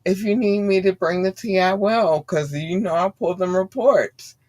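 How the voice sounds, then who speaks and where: A woman's voice: medium pitch, moderate pace, darkish tone. A woman hosting a podcast, ranting bluntly and swearing freely in heated commentary. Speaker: podcast host.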